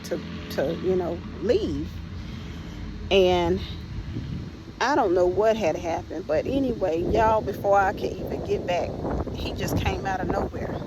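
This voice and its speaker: A woman with a medium-pitched voice hosts a podcast, sharing her personal testimony conversationally over a noisy background. She often addresses listeners as "y'all" and restarts her sentences.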